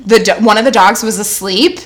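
A woman's voice: mid-range voice, fairly quick, very noisy. A young woman co-hosting a podcast, rambling through personal stories in casual chat with lots of "like" and frequent laughs. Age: young adult. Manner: rambling, heavy use of "like", laughs often. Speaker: podcast co-host.

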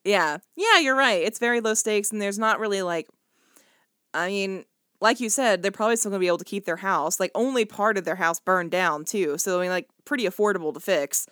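A young woman co-hosting a casual podcast, talking in a chatty, animated way with plenty of fillers. Her voice sits in a middle pitch. The mic is close, with a dry, dead sound. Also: brisk, clean tone, no room sound. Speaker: podcast co-host. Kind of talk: casual chat.

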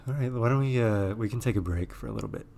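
A man co-hosting a podcast in casual chat, dry and low-key with quick wisecracks. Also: creaky, mellow, slight background noise. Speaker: podcast co-host.

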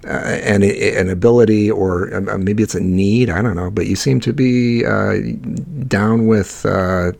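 Halting low-voiced man from Iowa. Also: fairly even intonation, gravelly, a little mellow. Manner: halting, many fillers and restarts, wry. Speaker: podcast host. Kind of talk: casual chat.

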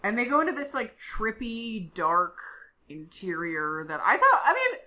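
On this podcast, a co-host with a high-ish, very animated voice keeps a measured pace and a pushed, bright tone. She chats casually through an episode recap, her storytelling full of filler words.

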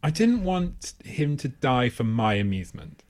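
Brief: thirties bloke, podcast co-host, animated swings in pitch, rambling self-mocking anecdotes, swears freely. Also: male voice, unhurried. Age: 30s. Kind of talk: casual comedic storytelling.

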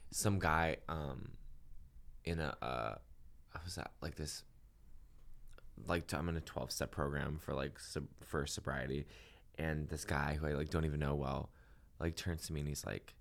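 A man speaking as a podcast guest in casual chat, hesitant and quiet, with many restarts. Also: steady tone, normal speed, vocal fry, pauses often. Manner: hesitant, lots of fillers and restarts, soft and low.

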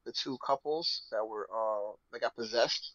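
A man in casual chat, animated and laughing often, breaking into high squealing imitations. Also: moderate pace, no room sound, lo-fi sound.

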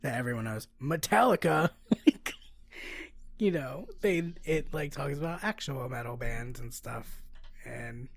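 A woman with a gravelly, husky voice chats on a podcast, laughing easily and wandering through her thoughts with plenty of fillers. She reads a plot summary aloud in an easygoing way, close to a dry mic. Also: extremely low pitch, unhurried, dry recording. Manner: laughs often, rambling with many "like" fillers. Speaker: podcast co-host. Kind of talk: casual chat, reading a plot summary.

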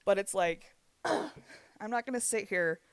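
A man's voice: high-pitched, animated, slow, fairly bright tone, clean tone, no room sound. A man in his twenties telling a heated story in casual chat, swearing freely and laughing between lines. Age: 20s.

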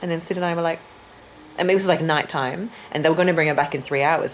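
A woman with a low voice talks fast as a guest in a casual interview, telling her birth story. She's an animated storyteller who acts out what others said, delivering the quotes loudly, with slight background noise present.

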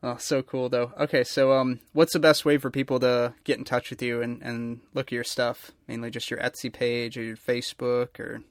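A man's voice: medium pitch, level tone, moderate pace, few pauses, dry recording, studio quality. A man interviewing a guest in a casual chat, rambling enthusiastically.

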